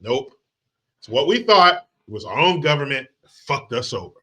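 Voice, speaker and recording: A man's voice: mid-range voice, sing-song, moderate pace, pushed and bright. A man from the United States hosting a commentary show, ranting with sarcastic, crude, combative talk. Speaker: commentary channel host.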